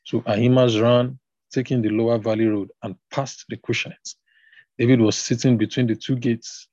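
Reading scripture in an unadorned way, this man occasionally pauses to go back over a passage. He has a medium-pitched, dark-toned voice with flat delivery and moderate speed, and the dull, slightly lo-fi recording has no room sound.

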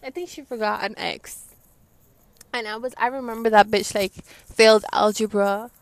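A woman's voice: a little high, steady tone, moderate pace, no echo. Profane young New woman. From Brooklyn, New York. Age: young adult. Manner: profane, rambling, quotes friends mid-story. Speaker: storyteller. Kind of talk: casual storytime.

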